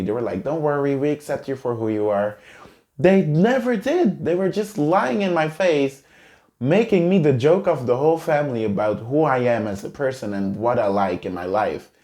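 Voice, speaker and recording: A man's voice: fairly low pitch, mellow. A man earnestly and emotionally telling a personal story to camera in a vlog. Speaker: vlogger.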